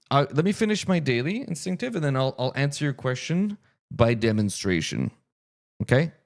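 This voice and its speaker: Male streamer, casual live chat, thinks out loud, answers chat, animated and expressive. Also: mid-range voice. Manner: chatty, thinks aloud, answers viewer chat. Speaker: streamer and game master.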